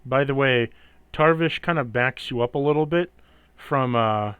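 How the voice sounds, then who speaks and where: A man narrates a tabletop game as game master, drawing out grim scenes slowly for dramatic effect. His voice is smooth and resonant at an ordinary pitch. It sounds dry and close to the mic. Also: no echo, phone-quality sound. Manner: slow, dramatic descriptive narration.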